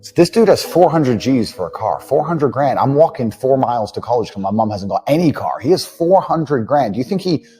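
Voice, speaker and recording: A man's voice: medium pitch, very animated, fairly quick, few pauses, mellow, breathy edge. A man giving a motivational monologue about money, blunt and brash, swearing freely and acting out the people he quotes. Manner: brash, blunt and profane, acts out quoted dialogue. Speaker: entrepreneur speaking on money.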